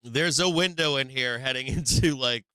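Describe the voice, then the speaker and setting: Host: man, bright, crisp voice, profane and animated, live trading commentary, dry close mic. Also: medium pitch, moderate pace, no room sound. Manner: profane, animated, laughs often, acts out the market. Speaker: livestream trading show host.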